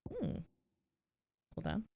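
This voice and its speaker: A woman streaming a game and commenting casually, profane and playful, with sudden loud outbursts. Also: very slow. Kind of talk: live gameplay commentary. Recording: game music underneath.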